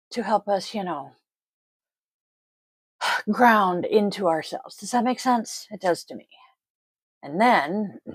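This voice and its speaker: Female tarot host, unhurried, blunt and profane, chatty tangents, dry recording. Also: mid-range voice, slightly rough, no room sound, rough recording. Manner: blunt, swears freely, rambling asides. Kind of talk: casual solo card-reading video. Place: home, family audible off-mic.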